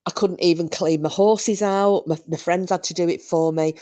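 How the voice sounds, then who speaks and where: A low-pitched woman chats loosely with her viewers on a live stream. She swears freely and tells rowdy drunken stories. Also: fairly even intonation, normal speed, warm tone.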